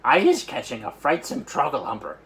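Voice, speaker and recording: A man voicing a huge, excitable old giant who mangles his grammar and invents words, with loud outbursts. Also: mid-range voice, a little fast. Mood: agitated.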